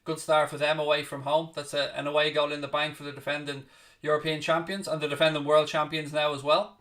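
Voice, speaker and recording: A man's voice: a little high, little pitch movement, a bit bright, distant mic. A man hosting a live football watchalong, calling each pass and snapping back bluntly at his chat. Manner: blunt, snippy with chat, swears freely; rapid play-by-play naming each pass. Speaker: watchalong host.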